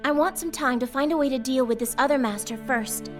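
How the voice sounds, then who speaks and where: A high, bright voice belongs to a proud teenage girl mage, as a woman voices her in an anime dub. She lectures and flares up fast. Soft music plays behind her. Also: lightly acted. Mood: scheming.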